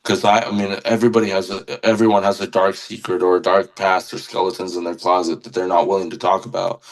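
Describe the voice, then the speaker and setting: A man with a fairly low voice talks on a podcast as a guest musician. He speaks earnestly and with deep feeling, often restarting and repeating words as he gathers his thoughts. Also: level tone, fast talker, rough recording. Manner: earnest, passionate, repeats words while searching for them. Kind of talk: casual podcast conversation.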